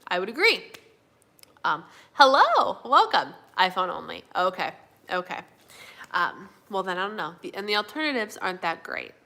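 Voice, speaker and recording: Bright-voiced woman chatting live with viewers. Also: lowish voice, expressive, a little fast, vocal fry. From Minnesota, USA. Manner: chatty, fillers and yawning, says y'all. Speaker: livestream host. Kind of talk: casual live chat reading viewer comments.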